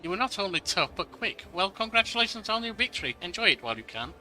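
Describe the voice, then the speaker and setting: A man's voice: sits high, very animated, quick pace, voice pushed up. A man reading a scheming noblewoman's lines aloud in a sweetly threatening manner. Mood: sugary threat. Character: scheming noblewoman, sugary and menacing.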